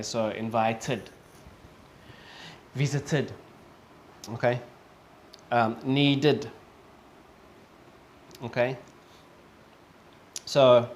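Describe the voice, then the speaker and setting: A man teaching English, speaking slowly and patiently, repeating example words several times and checking in with "okay?" often. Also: mid-range voice, slight background noise. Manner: slow and patient, with many fillers and checks of "okay?". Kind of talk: online lesson.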